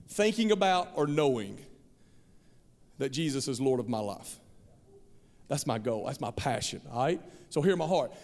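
A man preaching a sermon as pastor, earnest and conversational, often repeating himself. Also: high-pitched. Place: large church hall. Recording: reverberant hall.

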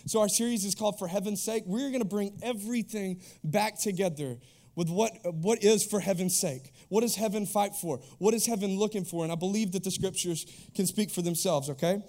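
High-voiced, energetic youth pastor. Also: male voice, a little fast. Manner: energetic, conversational, with playful asides. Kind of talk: sermon. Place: church.

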